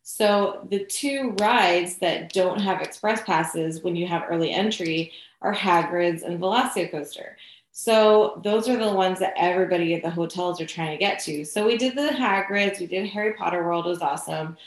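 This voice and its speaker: A woman's voice: on the low side, moderate pace. A woman telling a personal story in casual chat, full of "like" and "you know". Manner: chatty, lots of "like" and "you know". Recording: echoey room.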